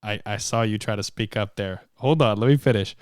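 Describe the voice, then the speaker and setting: A man's voice: lowish voice, fairly quick, smooth, no echo, clean studio sound. A young man hosting a podcast, rambling casually and cursing now and then. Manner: rambling, laid-back, swears casually. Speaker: podcast host. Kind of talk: casual chat.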